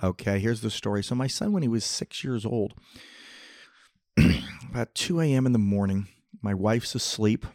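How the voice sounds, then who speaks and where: A man's voice: lowish voice, animated, normal speed, pauses often, a little mellow, dry recording, clean studio sound. A middle-aged man hosting a podcast, telling long rambling jokey stories in casual chat. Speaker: podcast host. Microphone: podcast mic, close.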